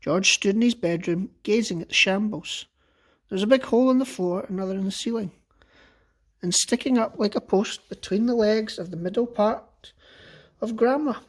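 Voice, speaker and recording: A man teacher reading a children's book aloud with expressive, lively storytelling. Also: high voice, normal speed.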